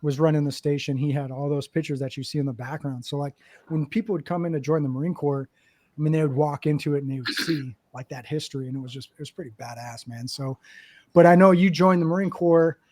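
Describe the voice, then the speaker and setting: Man, podcast host, dark mellow tone, fairly high voice, animated profane storytelling, dry close mic. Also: quick pace, no room sound. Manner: animated, profane, acts out quotes. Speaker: podcast host, Marine veteran. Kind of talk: casual storytelling.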